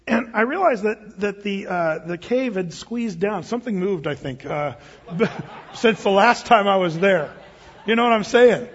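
Animated pastor in a big hall. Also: male voice, sits high, unhurried. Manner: animated storyteller, laughs at own tale. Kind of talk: storytelling sermon. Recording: dull audio with long hall reverb.

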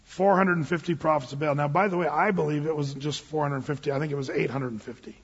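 A man preaching a sermon to a congregation, retelling a story in a casual, animated way. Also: a little high, fast, slightly rough. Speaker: pastor. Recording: dull recording with long hall reverb.

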